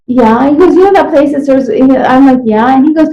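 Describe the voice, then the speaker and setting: A woman speaks in a casual interview, winding through a personal story and acting out the voices of others. Her voice sits a little high with a soft, mellow tone. The sound is dull and lo-fi, with a roomy echo around it. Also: normal speed. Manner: rambling, animated retelling with acted-out quotes. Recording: echoey room, dull lo-fi sound.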